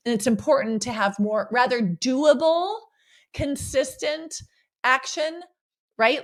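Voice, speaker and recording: A woman coach hosting her own podcast, talking casually with energetic, playful enthusiasm and a habit of tagging her points with a quick "right?". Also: on the high side. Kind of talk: casual solo podcast monologue.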